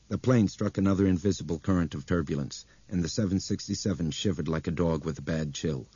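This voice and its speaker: A man narrating a novel in a very deep, dark, husky voice. He reads at a steady, measured pace. The recording is dry and close, with a dull, muffled top end. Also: no echo. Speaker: audiobook narrator. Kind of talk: scripted narration.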